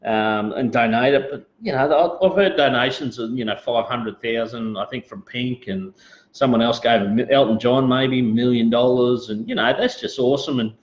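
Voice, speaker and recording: A laid-back Australian man chats loosely on his live show, full of ums and asides to viewers. His voice sits at an ordinary middle pitch. The sound is roomy and a little dull, like a home live-stream mic. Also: normal speed. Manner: rambling, laid-back, greets viewers, frequent fillers. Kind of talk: casual live-stream chat.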